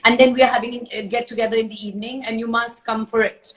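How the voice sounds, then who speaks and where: A woman's voice: a little high, flat delivery, fast talker, poor audio. A woman in her forties hosting a casual live chat on a phone, telling a story in a chatty way with many fillers. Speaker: live stream host.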